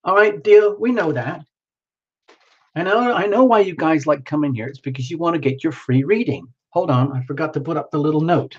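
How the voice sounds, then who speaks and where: A man's voice: fairly high pitch, fairly quick, slightly rough, lo-fi sound. A worn-out man hosting a tarot livestream, rambling casually and greeting viewers by name.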